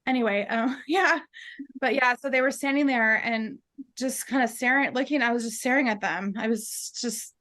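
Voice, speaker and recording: Bright-voiced woman telling a tearful story. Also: a little high. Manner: halting, with fillers and soft laughs. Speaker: guest. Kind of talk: emotional personal storytelling in an interview.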